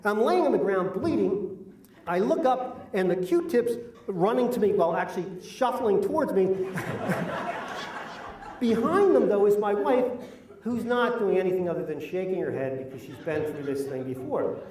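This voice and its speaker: High-voiced middle-aged man telling a story. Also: animated, normal speed, a little mellow. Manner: self-deprecating, complaining. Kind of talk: live comic storytelling. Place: live event venue. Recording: roomy hall, mic at a distance.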